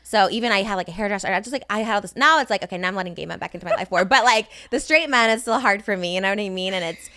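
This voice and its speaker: A woman's voice: mid-range voice, rapid-fire, hardly any pauses, sharp tone. A woman in her thirties, a podcast guest, talking candidly and rambling with lots of "like" into a studio microphone. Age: 30s. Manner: rambling, heavy use of "like". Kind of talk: candid casual chat.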